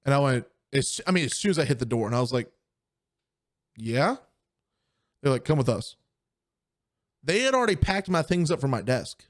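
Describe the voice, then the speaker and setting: A man's voice: medium pitch, lively intonation, fast, hardly any pauses. A young man co-hosting a podcast, telling a story in casual chat and acting out the people he quotes. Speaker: podcast co-host.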